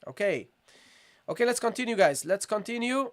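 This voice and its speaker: A man teaching a live online recitation lesson, patiently repeating questions to viewers and modelling sounds slowly. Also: high-pitched, expressive.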